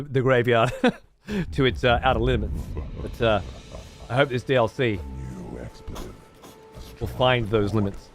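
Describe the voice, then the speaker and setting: A man streaming a game live, rambling, swearing a lot and chatting to his viewers. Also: mid-range voice. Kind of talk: live gameplay commentary.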